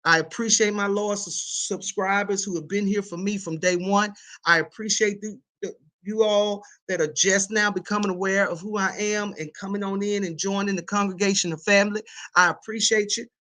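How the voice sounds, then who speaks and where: A woman hosting a casual livestream, reading viewer comments and chatting in an animated, colloquial way with lots of repetition and laughter. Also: mid-range voice, normal speed, rough recording.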